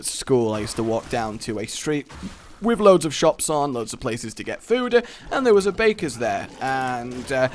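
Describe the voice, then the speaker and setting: A man's voice: medium pitch, slight background noise. A young English man hosting a gaming video, telling a rambling, jokey story while he plays. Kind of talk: let's play commentary.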